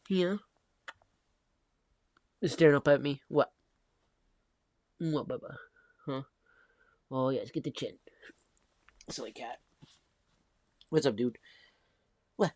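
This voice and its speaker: Man cooing softly on a live stream. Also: mid-range voice, slow, long pauses, no room sound. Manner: coos affectionate baby talk at a pet cat; soft-spoken, drifting between murmurs and bright calls. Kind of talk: casual live-stream chat.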